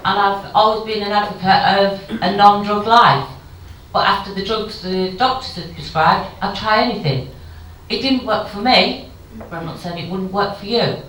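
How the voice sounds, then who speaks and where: There is slight background noise as a keynote speaker in her fifties addresses a conference hall, frank and emotional, with wry humour. Her mid-range voice is fairly bright and moderately paced, and the sound is very echoey, picked up far from the mic.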